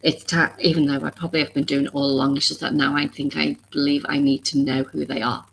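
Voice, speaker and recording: A woman with a notably low, deep voice talks to her viewers on a live stream. She rambles earnestly, circles back and restarts her thoughts, and sounds openly vulnerable and emotional. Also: flat delivery, quick pace, vocal fry, a little hiss or hum, rough recording. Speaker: oracle card reader and live stream host.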